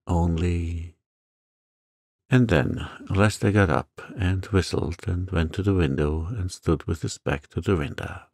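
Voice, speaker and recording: A man reading a sleep story aloud in a soft-spoken, soothing way. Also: low voice, gravelly, no room sound, clean studio sound. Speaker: narrator.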